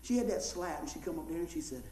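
Man, preaching, folksy and animated, fairly high voice, roomy echo. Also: quick pace, slight background noise. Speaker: pastor. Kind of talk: sermon with storytelling.

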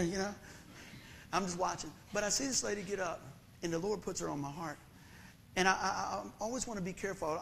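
A man's voice: sits high, gravelly, fairly bright tone, slight background noise. A middle-aged preacher man, preaching a sermon in a folksy, conversational storytelling way.

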